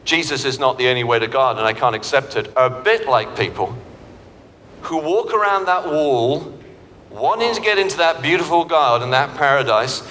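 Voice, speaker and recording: A man preaching a sermon in a university chapel, telling stories and vivid analogies in an animated way. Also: medium pitch, moderate pace. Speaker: pastor. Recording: reverberant hall with faint background noise.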